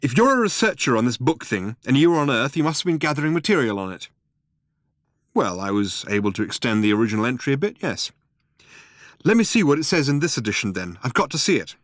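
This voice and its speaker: A man voicing a panicky, indignant human castaway, speaking in shrill, exasperated outbursts. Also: sing-song, fast, no room sound, studio quality, natural voice. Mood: eager. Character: panicky, indignant young-ish Englishman Arthur.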